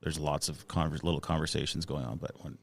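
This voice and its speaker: A man's voice: very deep voice, flat delivery, fast talker, gravelly. A man in his thirties, a musician guest on a casual podcast, talking with hesitant fillers and restarts.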